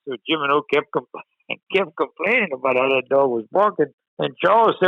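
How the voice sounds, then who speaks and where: A man with a Cajun accent tells a hunting story in a laid-back way, with dry humor. His voice sits a bit high. The sound is tinny, like a phone line. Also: fairly quick, no room sound. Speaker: guest. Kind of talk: casual storytelling.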